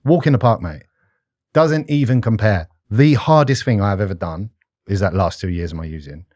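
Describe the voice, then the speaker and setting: A man's voice: on the low side, moderate pace, darkish tone, dry recording, studio quality. A British man in his thirties, a podcast guest talking bluntly and candidly in conversation. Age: 30s. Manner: blunt and candid, often says mate.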